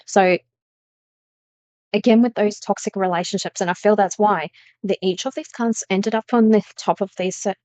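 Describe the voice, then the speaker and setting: A woman's voice: medium pitch, darkish tone, dry recording. A woman giving a spiritual tarot reading to her viewers, talking earnestly and with emphasis, often repeating phrases. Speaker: tarot reader.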